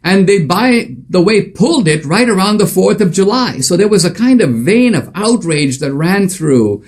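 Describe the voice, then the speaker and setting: A man's voice: sits high, expressive, moderate pace. A male author and commentator telling a story in an emphatic, conversational monologue with frequent fillers.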